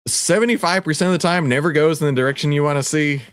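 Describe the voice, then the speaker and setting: A man with a Texan accent hosting a livestream, playful and teasing, often jumping to excited shouts. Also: a little high, quick pace, few pauses, clear, resonant tone, no room sound, clean studio sound. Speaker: livestream host. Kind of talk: animated livestream presentation.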